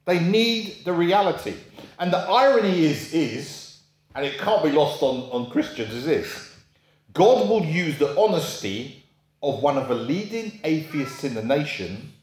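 A man's voice: sing-song, a little slow, darkish tone. A man preaching a sermon in a chatty, storytelling manner, asking his listeners rhetorical questions. His voice sits in the middle range for a man and carries a noticeable room echo. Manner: acts out quoted voices in a high pitch.

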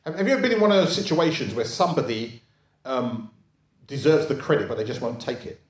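A man preaches in a conversational, back-and-forth way, often checking in with the crowd. His voice sits in a mid pitch. The sound echoes around a church hall. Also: expressive, quick pace. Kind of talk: sermon. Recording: echoey room.

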